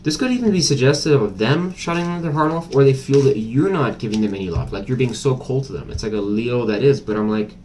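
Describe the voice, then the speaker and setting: A man's voice: medium pitch, a little fast, few pauses, darkish tone, a little hiss or hum. A man doing a casual tarot reading to camera, chatty and blunt, thinking aloud with many fillers. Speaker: tarot reader.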